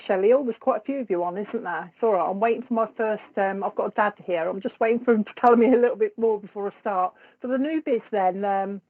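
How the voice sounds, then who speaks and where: A woman hosting a live psychic stream, chatting with viewers and laughing easily between remarks. Her voice sits at an ordinary middle pitch for a woman. The sound is thin and tinny, as if heard over a phone line. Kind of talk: casual live-stream chat greeting viewers.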